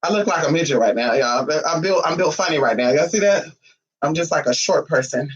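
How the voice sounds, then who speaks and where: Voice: animated, brisk, husky. Sassy, brash vlogger heard from a distance. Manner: sassy, brash and profane, with sudden high outbursts. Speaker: spiritual vlogger. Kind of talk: casual chat to viewers. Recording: distant, dull lo-fi sound.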